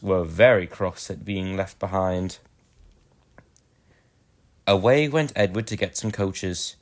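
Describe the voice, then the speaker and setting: A man narrating a children's storybook in a gentle, expressive way. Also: sits low, slow pace, long pauses.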